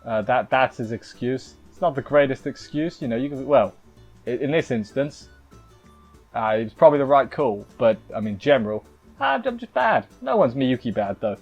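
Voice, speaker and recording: A man's voice: medium pitch, lively intonation, normal speed, husky, soft background music. Guy rambling thru an anime review, keeps restarting, dry little jokes, muffled lo-fi audio. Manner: rambling, restarting, with wry asides. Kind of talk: casual episode review chat.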